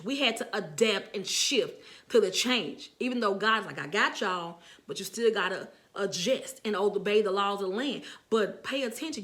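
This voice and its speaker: A woman's voice: on the high side, fairly bright tone. A middle-aged woman casually preaching to viewers as a motivational speaker, earnest and encouraging, often repeating herself for emphasis.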